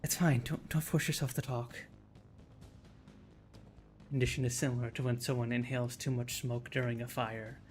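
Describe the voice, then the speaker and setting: A man's voice: medium pitch, flat delivery, moderate pace, pauses often, soft background music. A man streaming, reading a visual novel's narration aloud in a casual way, often restarting and stumbling over words.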